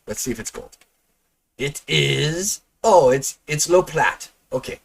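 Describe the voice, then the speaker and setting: A man's voice: fairly high pitch, lively intonation, takes it slowly, gravelly, slightly rough. A man hosting a casual gameplay review, chatty and explaining as he goes. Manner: chatty, explains with stops and restarts. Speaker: host, game reviewer.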